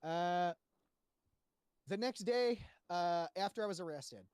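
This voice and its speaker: A man with a fairly high voice recounts his side of a roleplay story to a panel in loose casual speech. He rambles, swears freely and keeps restarting his sentences. The sound is close and dry. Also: slow pace, a little mellow, clean tone, no room sound. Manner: rambling, profane, full of fillers and restarts. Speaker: roleplay player giving testimony to a panel. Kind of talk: casual spoken retelling of roleplay events.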